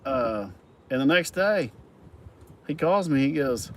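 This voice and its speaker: A man's voice: mid-range voice, animated, unhurried, pauses often. A middle-aged man telling a long, profane story in a loose, rambling way, chuckling as he goes. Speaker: farm worker telling stories. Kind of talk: casual storytelling. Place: outdoors at a work site. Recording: outdoor recording with traffic noise. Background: vehicle and outdoor noise.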